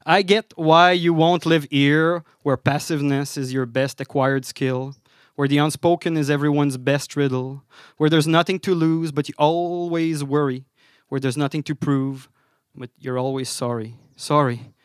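A man with a French Canadian accent performs spoken word poetry on a live stage, his delivery wry, apologetic, and rhythmic. His fairly high voice is clear and resonant, with fairly even intonation and a slightly slow pace. The sound is clean studio audio with no room sound.

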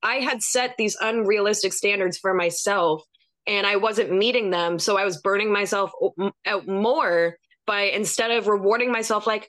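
A woman's voice: medium pitch, normal speed, fairly bright tone. A woman who writes and co-created a sitcom, speaking candidly and reflectively as a guest on a casual podcast.

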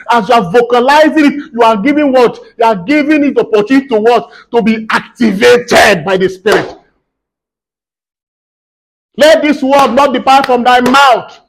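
A man's voice: extremely high pitch, rough recording. A man preaching a sermon in church, emphatic and repetitive, asking the congregation to fill in his questions.

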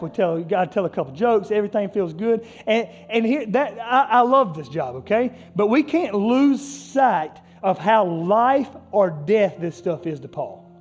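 A pastor delivering an impassioned sermon and closing prayer, swinging between forceful emphasis and hushed intensity. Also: male voice, high-pitched. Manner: impassioned preaching, rising and falling intensity.

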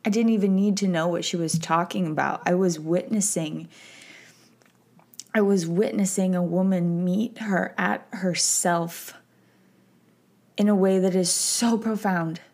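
Woman, podcast host, slow unhurried delivery, teary, heartfelt reflective monologue. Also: on the low side, fairly even intonation, darkish tone. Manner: slow, emotional, tearful at times.

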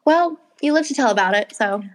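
A woman's voice: sits high, expressive, a little fast. A young woman co-hosting a casual podcast, telling stories with animation and acting out her own lines. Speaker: podcast co-host. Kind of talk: casual chat.

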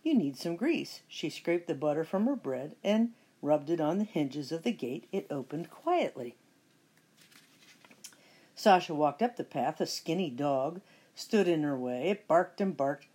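A middle-aged woman reading a children's picture book aloud with expressive storytelling. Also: sits low, unhurried, husky. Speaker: storybook reader.

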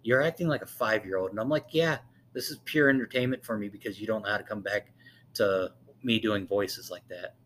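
A man's voice: lowish voice, fairly quick, a bit bright, slight background noise. A young man co-hosting a podcast in casual chat, rambling with lots of fillers and swearing. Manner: rambling, profane, many fillers. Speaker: podcast co-host.

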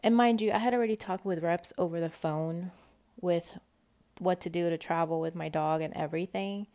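A woman's voice: on the low side, moderate pace, mellow. A young woman telling a personal story in a chatty, rambling way, full of "like" and "you know". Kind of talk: casual storytelling.

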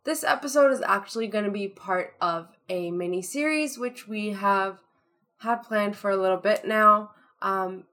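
A woman's voice: mid-range voice, pushed and bright. A woman co-hosting a casual podcast, chatting and laughing easily with fillers between thoughts. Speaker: podcast co-host.

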